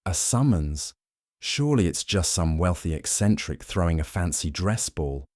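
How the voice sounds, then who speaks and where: Honest cheery male ex-soldier, voiced by a man, hearty, straightforward, brighter and higher than the narrator. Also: lively intonation, moderate pace, dry recording, clean studio sound.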